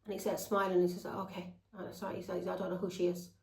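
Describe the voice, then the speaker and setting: A woman's voice: lowish voice, little pitch movement, fast talker, vocal fry, a little mellow, echoey room, low-quality recording. A woman telling a long, rambling personal story to her viewers. She talks bluntly and swears freely. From England. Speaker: tarot reader.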